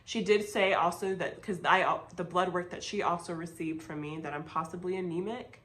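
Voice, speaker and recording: A woman's voice: fairly low pitch, steady tone, moderate pace, a bit bright, low-quality recording. A young woman vlogger telling a personal story in a casual, chatty way, with lots of fillers and emphatic asides.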